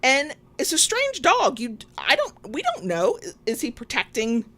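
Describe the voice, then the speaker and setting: A woman's voice: high voice, measured pace. A woman co-hosting a podcast, chatting casually, telling stories with swearing and laughs. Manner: animated, swearing storyteller with frequent laughs. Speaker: podcast co-host. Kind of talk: casual chat.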